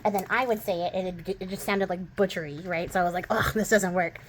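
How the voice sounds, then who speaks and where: A young woman from the western US, a crafting channel host, rambles casually about her crafts, laughing often and using plenty of fillers. Her lowish voice has a mild Texas twang over a West Coast accent, moves quickly with fairly even intonation, and carries a little hiss or hum.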